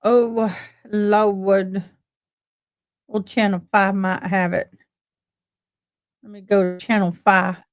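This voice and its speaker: A woman's voice: mid-range voice, flat delivery, slow pace, pauses often, no room sound. A woman with a Southern accent from Tennessee and Texas, hosting a casual livestream chat in a folksy, drawling way. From East Tennessee, raised in Louisiana. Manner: folksy, chatty, drawling with playful dialect. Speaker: livestream host.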